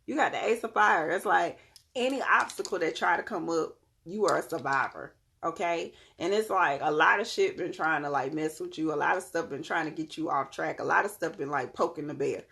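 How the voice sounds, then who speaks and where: A woman reads tarot cards straight to her viewers in an easy, animated way. Her voice carries a gravelly, creaky edge. She talks in loose slang, swears freely and breaks into laughter often. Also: sits low, fairly quick. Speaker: tarot reader. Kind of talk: casual tarot reading to viewers.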